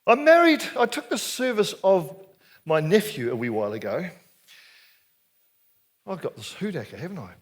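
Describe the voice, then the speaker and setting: An older Anglican preacher with a New Zealand accent, telling stories to a hall of men. His voice sits high and swings widely up and down. He keeps it chatty and playful, often throwing questions out to the crowd. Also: normal speed, pauses often. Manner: lively, jokey, chatty, asks the crowd questions. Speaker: Anglican minister, speaker. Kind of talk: storytelling sermon to a men's gathering.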